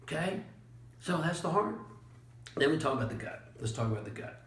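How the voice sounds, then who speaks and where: A man delivers a blunt, animated motivational talk on leadership, leaning into his points with chuckles and dramatic pauses. His voice sits a little high for a man. The recording carries a noticeable roomy echo. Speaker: motivational speaker and leadership coach. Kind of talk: motivational monologue.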